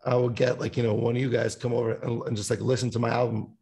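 Gravelly guy rambling about his songs, swears a ton, mid pitch. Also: little pitch movement, quick pace, warm tone. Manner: rambling, swears a lot, sings snippets. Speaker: musician guest. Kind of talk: casual podcast chat.

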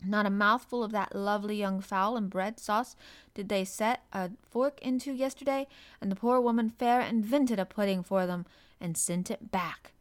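A woman's voice: medium pitch, normal speed, natural voice. A woman voicing an indignant, fussy middle-aged housekeeper in a storybook reading. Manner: indignant, complaining.

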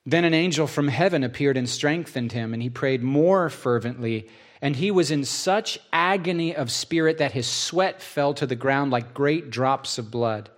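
A man preaching, reading scripture aloud as an expressive storyteller with casual asides. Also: mid-range voice, moderate pace. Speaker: pastor.

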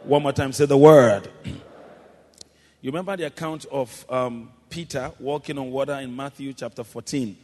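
Male pastor, mid-pitched voice, call-and-response sermon rising to shouts, long church-hall reverb. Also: steady tone, moderate pace. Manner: calls congregation to repeat after him, rising to shouts.

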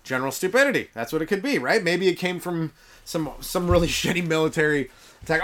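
A man rambles through a comic podcast monologue and laughs at his own jokes. His voice sits a little high and swings widely up and down as he riffs. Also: animated, fast talker, a bit bright. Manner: joking, riffing, chuckles at own jokes. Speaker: stand-up comedian hosting a podcast. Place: very cold room kept warm with a wood fire.

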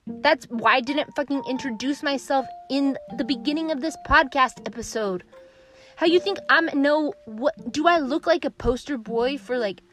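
A woman's voice: high-pitched, fairly bright tone. A young woman hosting a podcast, ranting through stories in a sarcastic, profane way. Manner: sarcastic, profane, fast-switching between mock voices. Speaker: podcast host. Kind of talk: ranting storytime monologue.

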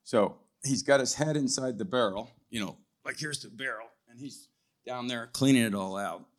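An older man speaking as a guest at a church, telling a testimony story in a loose conversational way, often tagging his lines with "right?" and clearing his throat. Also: mid-range voice, normal speed. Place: church hall, live event.

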